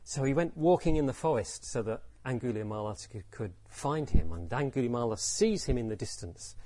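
Man, Buddhist teacher, husky voice, dry recording, reflective, asks rhetorical questions. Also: medium pitch, lively intonation, normal speed, warm tone, no echo. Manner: reflective, poses rhetorical questions, acts out quotes. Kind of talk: Dharma talk with storytelling.

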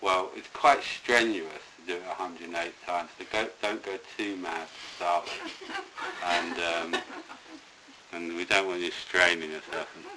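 Low-voiced meditation teacher. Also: male voice, fairly even intonation, a little slow, noisy background. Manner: rambling, hesitant, with many restarts. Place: indoor room with a live group.

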